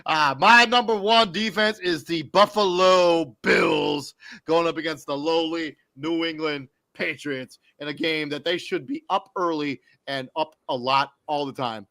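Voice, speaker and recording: Bright, close-miked casual man talking football. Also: on the high side, fairly even intonation, a little slow, no echo. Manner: loose, off-the-cuff, self-correcting with fillers. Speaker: co-host giving fantasy football rankings. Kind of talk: casual sports podcast talk.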